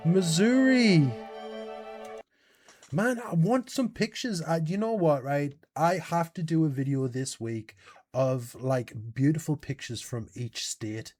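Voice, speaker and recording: Excitable British man reacting aloud. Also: on the high side, measured pace, faint music behind. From United Kingdom. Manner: animated, exclaiming and asking questions aloud. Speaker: reaction video host. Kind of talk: casual reaction commentary.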